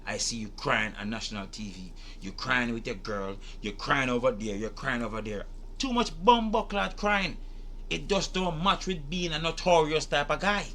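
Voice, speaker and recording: Emphatic man, bright voice. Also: medium pitch, a little hiss or hum. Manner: emphatic, rhetorical, repeats questions, swears. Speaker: reaction video host. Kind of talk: animated commentary to camera.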